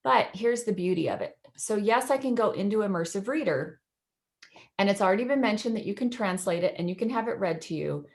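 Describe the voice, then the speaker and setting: A woman's voice: medium pitch, expressive, fairly quick. Chatty woman presenting on a video call. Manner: chatty, enthusiastic, laughs often. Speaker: educator presenting in a webinar. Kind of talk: screen-share webinar demo.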